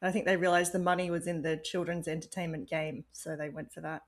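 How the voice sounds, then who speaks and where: A woman's voice: on the low side, flat delivery, fast talker. A woman from Australia chatting casually as a podcast guest, rambling and giggling easily.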